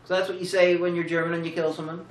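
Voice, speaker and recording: A woman's voice: fairly low pitch, level tone, fast talker. Tired, rambling woman, roomy and distant. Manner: rambling, sarcastic, jokey riffs with many restarts. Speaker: film review co-host. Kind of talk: casual film review chat.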